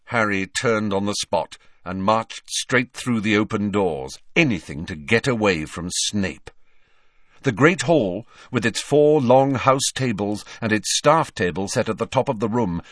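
A man narrating a novel as an audiobook in an expressive storytelling reading. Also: lowish voice, dry recording, clean studio sound. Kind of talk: scripted narration.

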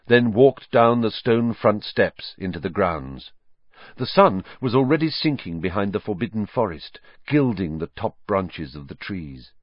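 A man reads a storybook aloud in a low voice, his pitch rising and falling expressively. The recording is dry and slightly muffled. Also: husky, no room sound. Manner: expressive, varied reading. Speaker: audiobook narrator. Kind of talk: storybook narration.

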